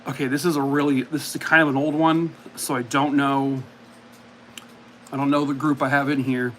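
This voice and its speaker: A man's voice: medium pitch, little pitch movement, moderate pace, a bit bright, slight background noise. A man hosting a live game stream, chatting playfully and mocking himself with frequent laughs. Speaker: streamer host. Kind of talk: casual live-stream chat.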